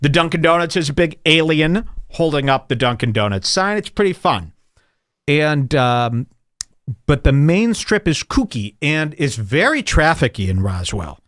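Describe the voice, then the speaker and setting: A man's voice: a little high, very animated, measured pace, fairly bright tone, no room sound, clean studio sound. A man hosting a podcast, telling rambling, sarcastic stories in a casual comedic chat. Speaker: podcast host.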